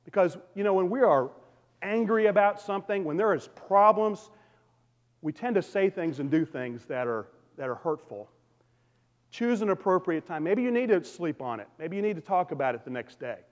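A man's voice: high-pitched, expressive, normal speed. A man preaching a sermon, talking conversationally and calling out to his congregation. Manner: conversational preaching with audience call-outs. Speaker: pastor. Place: church sanctuary. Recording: long reverb of a hall.

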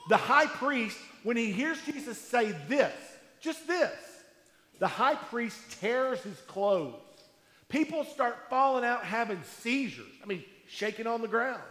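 A man preaching a sermon in a conversational storytelling way, with emphatic pauses, in a large hall. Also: extremely high pitch, a bit bright. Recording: echoey hall with long reverb.

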